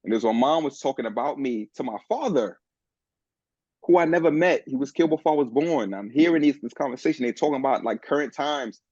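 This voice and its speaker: A man guesting on a podcast, telling a personal story in an earnest, animated way with many restarts. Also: mid-range voice, fast, slightly rough, dry recording. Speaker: guest, men's coach. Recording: dull, dry lo-fi sound.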